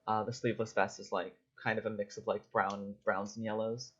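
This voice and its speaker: A man with a fairly low voice narrates a tabletop game as game master, hesitating often and filling gaps with "like" and "um". The recording is dull and lo-fi. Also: flat delivery, fairly quick, a bit bright, husky. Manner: hesitant, full of fillers.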